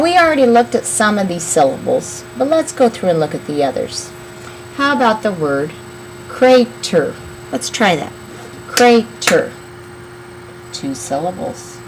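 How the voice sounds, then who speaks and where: A woman teaching young children a phonics lesson, slowly sounding out words and counting syllables. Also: medium pitch, slight background noise, low-quality recording. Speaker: elementary school teacher.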